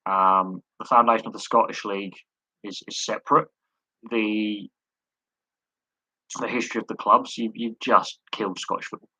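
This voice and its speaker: A man's voice: lowish voice, steady tone, moderate pace, long pauses, bright, forceful tone, slightly rough, no echo, rough recording. A man hosting a live sports chat stream, talking in a rambling way with many fillers and repeated words. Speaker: host.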